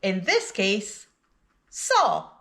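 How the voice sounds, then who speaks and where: Slow, deliberate woman teaching English. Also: medium pitch, wildly swooping pitch, gravelly, pushed and bright. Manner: slow and deliberate, with exaggerated intonation in examples. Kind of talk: slow scripted lesson narration.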